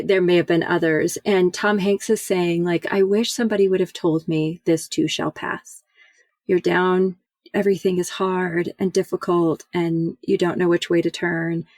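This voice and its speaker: Thinking aloud and leaning on lots of fillers, a podcast co-host talks reflectively in a casual chat. Her voice is fairly low with a darkish tone, and there's no room sound.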